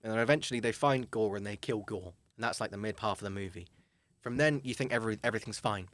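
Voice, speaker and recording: A young man co-hosting a podcast, talking in a casual, halting way with frequent restarts and teasing banter. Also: on the low side, a bit bright. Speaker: podcast co-host. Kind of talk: casual chat.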